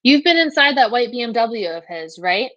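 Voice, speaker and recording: A woman's voice: a little high, very animated, moderate pace, a bit bright, dry recording, dull audio, voice pushed up. A woman voicing a persuasive woman detective who coaxes a teenage girl. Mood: coaxing. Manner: coaxing, persuasive.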